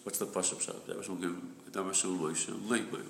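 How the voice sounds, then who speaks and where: A man with a low, gravelly voice leads a group study of a religious text. He explains patiently and repeats his key point, now and then clearing his throat. The recording sounds echoey, with faint background noise. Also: steady tone, fast. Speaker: Torah study group leader.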